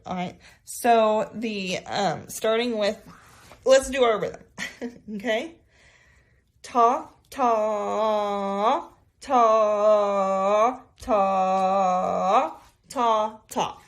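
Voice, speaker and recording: A woman's voice: mid-range voice, husky. A young woman teaching a music lesson to children at home, chatty and cheerful, often saying y'all.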